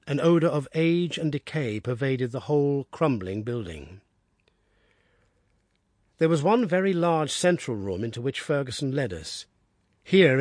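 A man reading an audiobook aloud with steady, descriptive storytelling. His pitch moves lively through the sentences, and the recording is close and dry with no room echo. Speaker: narrator. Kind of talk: audiobook narration.

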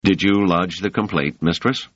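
A man voicing a calm, formal male security officer, in a slightly muffled recording. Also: deep voice, moderate pace, dry recording, voice pushed up.

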